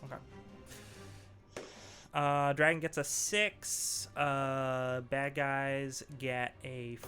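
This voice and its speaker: A man's voice: mid-range voice, extremely slow, clear, resonant tone. Laid-back male game master. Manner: relaxed, laughing, many fillers. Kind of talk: narrating a tabletop game. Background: faint background music.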